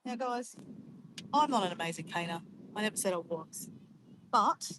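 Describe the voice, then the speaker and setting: Woman, relaxed talk-to-camera vlogger, mid-range voice, windy outdoor noise behind. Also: medium pitch, fairly quick. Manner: chatty, addresses viewers as guys, thinks aloud. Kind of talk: casual vlog chat while painting.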